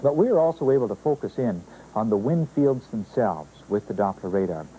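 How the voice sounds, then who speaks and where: A male weather forecaster explaining in an interview, speaking haltingly with many pauses and fillers. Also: lowish voice, lively intonation, dark tone, slight background noise, rough recording. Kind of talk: interview answers.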